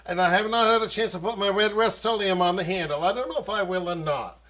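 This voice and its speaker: A man's voice: high-pitched, fast, pushed and bright. A man with a Maine accent hosting a home cooking show, talking fussily to children and breaking into old-fashioned exclamations. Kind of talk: playful cooking demonstration for children. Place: home kitchen.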